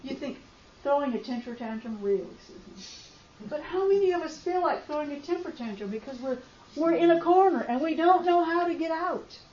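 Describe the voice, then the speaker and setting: A woman telling a faith testimony, swinging from hushed storytelling to loud outbursts. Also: very high-pitched, animated, a little fast, slight background noise. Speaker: speaker sharing a faith testimony. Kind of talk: emotional personal testimony. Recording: roomy, slightly dull recording.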